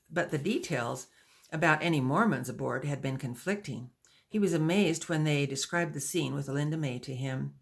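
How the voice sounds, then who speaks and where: A woman narrating a historical novel as an audiobook in a measured storytelling manner. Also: low-pitched, creaky.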